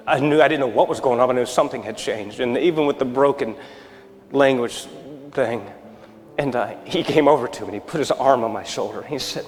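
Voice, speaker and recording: Captured on a reverberant church live stream with faint music, a thirties-aged pastor with a voice on the high side delivers a sermon from the sanctuary. He acts out dialogue as a lively storyteller, moving from excitement to hush and ending softly.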